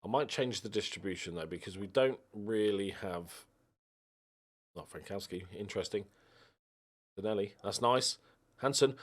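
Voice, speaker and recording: A young man on the low side of pitch talks at normal speed and pauses often as he plays a football management game. It's casual let's-play commentary from a gaming YouTuber who is animated, speaks to his on-screen players, and yelps in frustration.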